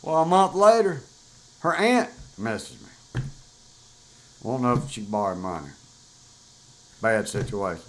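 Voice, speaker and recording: A man's voice: medium pitch, lively intonation, measured pace, long pauses, low-quality recording. An older man, talking bluntly and profanely in a rambling, casual monologue as a show host. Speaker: podcast host.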